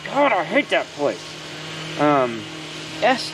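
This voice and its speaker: A man's voice: a little high, lively intonation, a little slow. A man, rambling casually about his backyard project and joking as he goes. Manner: rambling and joking, given to side rants. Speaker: DIY maker vlogger. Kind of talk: casual workshop chat. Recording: outdoor ambience with noise.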